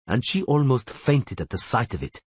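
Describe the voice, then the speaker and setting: A man's voice: medium pitch, sing-song, moderate pace, husky, dry recording, pitched above the performer's own voice. A man voicing a hard, contemptuous female elf outlaw with a clipped, scornful way of talking.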